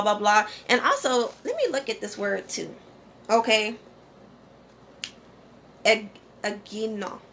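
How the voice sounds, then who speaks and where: A woman's voice: mid-range voice, a bit bright, a little hiss or hum. A woman, talking casually and directly to her viewers, often checking in with "okay?". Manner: conversational, repeats "okay?" and "you know". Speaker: channel host.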